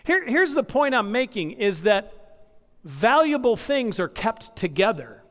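A man's voice: very high voice, sing-song, a little slow, fairly bright tone. A man preaching a sermon as pastor, building points through repetition and personal stories. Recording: long hall reverb.

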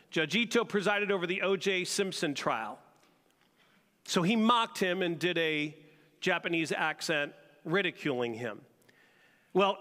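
A man delivering a sermon in a church sanctuary, his voice a touch high and ringing bright. He keeps turning to the congregation with rhetorical questions, and a long hall reverb trails every phrase. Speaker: pastor.

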